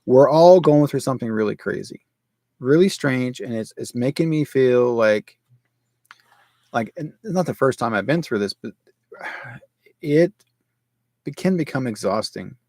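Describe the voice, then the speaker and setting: Animated rambling male show host. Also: measured pace, gravelly, pauses often, dry recording. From Canada. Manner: rambling, animated storytelling with sudden pitch jumps. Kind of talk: casual monologue. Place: home office.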